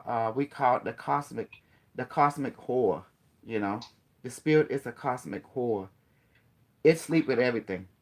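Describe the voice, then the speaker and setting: A man with a mid-range, slightly bright voice gives a casual spiritual talk. He rambles and repeats himself, keeps questioning his listener, and now and then slips into playful chanting.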